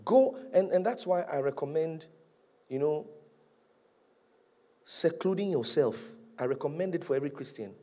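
Man preaching with loud and hushed swings. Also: a little high, animated, normal speed, pauses often. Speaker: pastor. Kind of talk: sermon.

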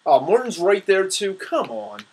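A young man giving casual, excitable commentary on his own gameplay, trash-talking his opponents. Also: sits high, unhurried, slightly rough, low-quality recording.

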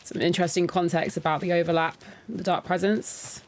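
A woman's voice: lowish voice, steady tone, brisk, a little hiss or hum. A woman doing casual let's-play commentary, chatty and reactive, reading in-game documents aloud and talking straight to her viewers. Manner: talks to her viewers directly. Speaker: gaming content creator.

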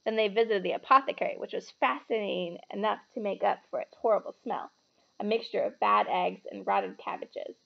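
Gravelly-voiced woman reading a story. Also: mid-range voice, brisk, dull audio. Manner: expressive storytelling. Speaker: reader. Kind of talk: reading a novel aloud.

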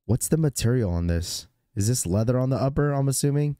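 Male streamer, hoarse from a sore throat, casual rambling chat host, mid pitch, dry close sound. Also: expressive, fairly quick, warm tone, no room sound. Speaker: sneaker livestream host.

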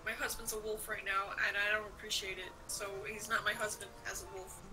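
A woman's voice: medium pitch, little pitch movement, fairly quick, rough recording. A young adult woman co-hosting a game stream with blunt, sarcastic, sweary commentary. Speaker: co-host of a let's play. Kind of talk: casual gameplay commentary. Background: game music.

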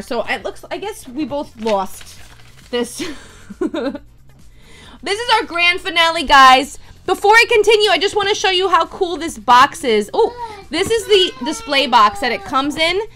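A woman hosting a toy unboxing video, chatty and excitable, talking straight to her viewers. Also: high voice, normal speed, soft background music. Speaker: toy unboxing channel host. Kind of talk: casual unboxing chat.

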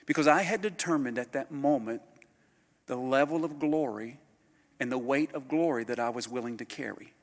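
A man, a pastor preaching a storytelling sermon that swings from loud bursts to hushed near-whispers. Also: mid-range voice, moderate pace. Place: conference hall. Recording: live hall recording with long reverb.

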